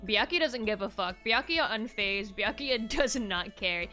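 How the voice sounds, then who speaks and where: A woman's voice: sits high, big pitch swings, normal speed, few pauses, bright, forceful tone. A woman streaming a game in casual commentary, playful and laughing often as she reads lines aloud. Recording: faint music in the background.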